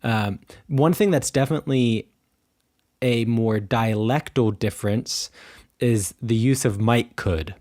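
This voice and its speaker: A man's voice: mid-range voice, slow pace, a little mellow. Rambling American man, casual podcast chat. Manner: loose, rambling, heavy on "like" and "um". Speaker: podcast co-host.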